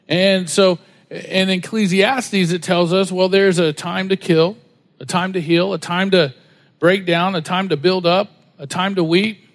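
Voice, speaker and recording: A middle-aged male pastor preaching a sermon in a casual, conversational way with lively asides. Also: high voice. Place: church sanctuary. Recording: long hall reverb.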